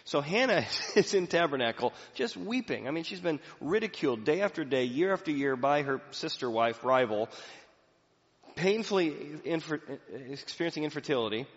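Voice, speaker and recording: A man's voice: a little high, animated, normal speed. A male pastor giving a sermon in a conversational, storytelling way. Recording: echoey hall, dull lo-fi sound.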